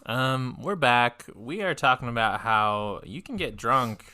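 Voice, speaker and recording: Guy cohosting a podcast, rambly and chatty, pitch bounces all over. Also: animated, unhurried, bright, forceful tone, clear, resonant tone. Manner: chatty, many likes, laughs easily. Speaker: podcast co-host. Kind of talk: casual podcast chat.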